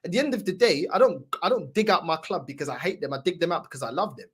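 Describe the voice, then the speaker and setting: A man's voice: fairly high pitch, lively intonation, very fast, breathy edge. A man with a London accent making a passionate, argumentative case about his football club in casual chat. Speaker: football fan co-host.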